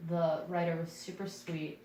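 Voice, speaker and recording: A young adult woman, a podcast co-host and actress, telling a casual story in a self-deprecating, animated way and laughing often. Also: on the low side, moderate pace. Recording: echoey room, voice far from mic, faint noise.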